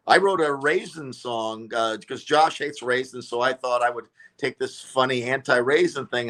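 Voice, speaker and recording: A man, a comedian and radio show regular, telling stories as a guest in a casual interview, animated and full of fillers and restarts. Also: medium pitch.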